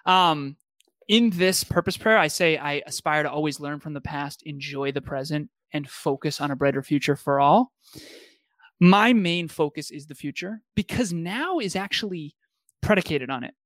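A man's voice: on the high side, animated, moderate pace, fairly bright tone, dry recording. A man co-hosting a motivational talk show, earnest and reflective, often restarting his sentences. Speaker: podcast co-host.

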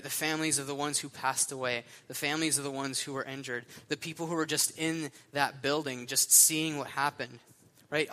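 A young man preaching a sermon, telling stories in a casual, animated way with lots of fillers. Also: mid-range voice. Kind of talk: sermon storytelling.

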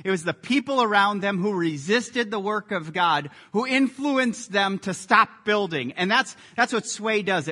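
Male pastor, sermon, high, bright voice, animated storyteller. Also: in a large hall. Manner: animated storytelling with lively sports anecdotes.

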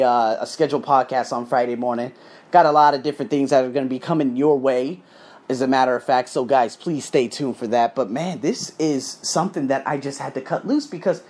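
Exuberant husky male podcast host. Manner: exuberant, swings from loud excited bursts to low calm. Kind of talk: motivational monologue.

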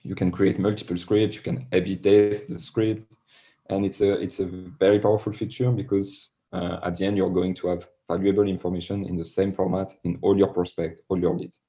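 French-accented man, dark muffled voice. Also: deep voice, flat delivery, a little fast. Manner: earnest, repeats words when explaining. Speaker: guest. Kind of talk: podcast interview.

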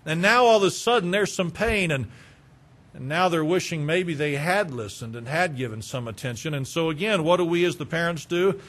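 A man's voice: on the high side, brisk, a bit bright. A man preaching a sermon as pastor, building with rhetorical questions.

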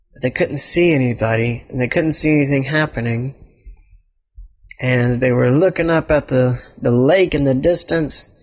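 Rambling male storyteller, lo-fi sound. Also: mid-range voice. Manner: rambling, with restarts and "and". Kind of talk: improvised storytelling. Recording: dull lo-fi recording.

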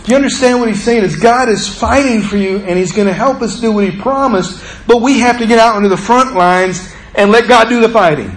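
High-voiced man preaching a sermon. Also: a little fast, low-quality recording. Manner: preaching with emphatic rises and hushed low drops. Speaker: pastor.

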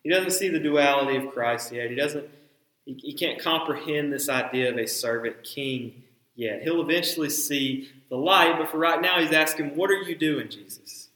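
A man's voice: fairly high pitch, normal speed, pushed and bright, echoey room, poor audio. A man in his thirties preaching a sermon, who acts out the dialogue of biblical figures with dramatic emphasis. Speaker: pastor.

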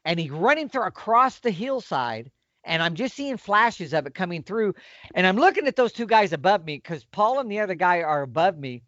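Animated high-voiced man telling a story. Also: moderate pace, no echo. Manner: excited, acts out quoted exchanges. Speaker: podcast guest telling a hunting story. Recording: dull lo-fi audio.

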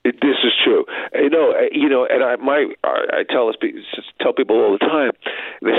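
A man in his sixties, a comedian guest, talking in a relaxed, self-deprecating way with small chuckles. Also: mid-range voice, brisk, breathy edge, dry recording. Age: 60s. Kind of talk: casual interview chat. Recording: tinny phone-like line, dry.

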